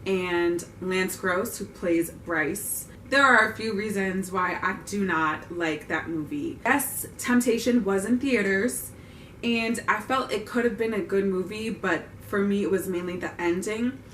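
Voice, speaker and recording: A woman's voice: mid-range voice, measured pace, fairly bright tone, a little hiss or hum. A young woman giving a casual, opinionated film recap with wry asides. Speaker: vlogger reviewing a film. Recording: roomy, distant mic.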